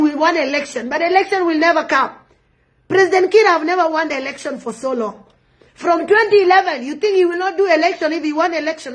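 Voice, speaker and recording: A South Sudanese woman with a South Sudanese accent giving impassioned political commentary, repeating phrases for emphasis. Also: extremely high pitch. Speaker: online commentator.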